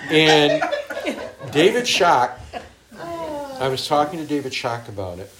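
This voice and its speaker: Animated storytelling man, laughing. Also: fairly high pitch, unhurried, a crowd in the background. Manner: animated, laughing, acts out quoted voices. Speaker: traveling minister and guest. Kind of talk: storytelling in a conversation.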